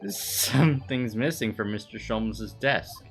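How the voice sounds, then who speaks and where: A man streaming a video game, reading the dialogue aloud in a quick, chatty way. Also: lowish voice, vocal fry, faint music behind. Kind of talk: game read-through with voices.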